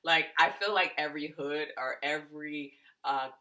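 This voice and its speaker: Bright-voiced chatty woman with Massachusetts accent. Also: deep voice, steady tone, moderate pace. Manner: chatty, laughs often, says "like" a lot. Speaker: podcast co-host. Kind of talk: casual storytelling chat.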